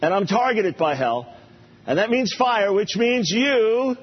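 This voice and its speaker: Male preacher, husky and animated, playful repetition, muffled recording. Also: high-pitched, a little slow. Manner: animated, playful, repeats phrases for emphasis. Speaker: pastor. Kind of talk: sermon. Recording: dull lo-fi recording.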